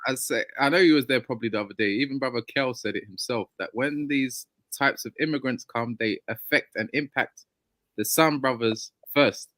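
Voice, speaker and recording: Halting, argumentative man on a panel. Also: mid-range voice, fairly bright tone, dry recording. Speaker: panel speaker. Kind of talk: live online panel discussion.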